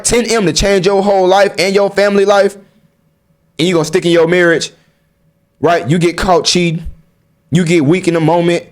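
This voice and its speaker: A young man giving blunt, slang-heavy life advice straight to his viewers, firing rhetorical questions at them. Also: on the high side. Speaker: vlogger. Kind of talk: casual advice monologue to camera.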